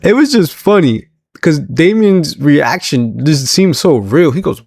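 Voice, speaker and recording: A man's voice: a little high, expressive, slow pace, pauses often, a little mellow, no room sound. Chatty man recapping wrestling, dry sound. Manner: chatty, laughing often, acting out quotes. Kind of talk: casual solo recap.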